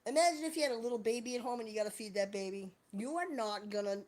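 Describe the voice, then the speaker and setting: A woman talking straight to her viewers on a live stream, sliding loosely from one thought to the next and dropping curse words freely. Her voice sits a little higher than most. It has the loose, joking feel of someone chatting alone at home. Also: fast, darkish tone. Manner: profane, rambling, jokey. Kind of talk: casual livestream chat.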